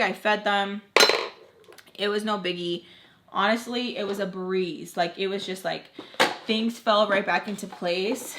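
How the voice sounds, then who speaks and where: A young woman tells a personal story straight to her camera, casual and chatty, with "like" dropped into nearly every phrase. Her voice is bright and forward and sits at a middling pitch. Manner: chatty, heavy use of "like", animated retelling. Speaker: storytime vlogger.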